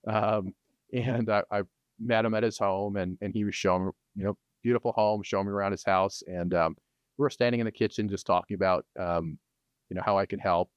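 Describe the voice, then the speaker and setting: A middle-aged man, a real estate agent and podcast host, telling a story in a casual, animated way, often restarting and laughing. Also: fairly low pitch, fairly quick, dry recording, dull audio.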